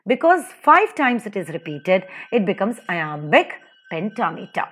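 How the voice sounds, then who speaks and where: Lively sing-song Indian English woman teacher. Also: mid-range voice, noisy background. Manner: sing-song stressed delivery, slow recitations of verse. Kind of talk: lecture over slides.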